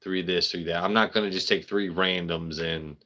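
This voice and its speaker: A man with a low-sitting voice, fairly even intonation and a sharp tone speaks at a moderate pace, and the highs in the audio are cut off. Hosting a casual live stream, he rambles, jokes with his chat and swears freely.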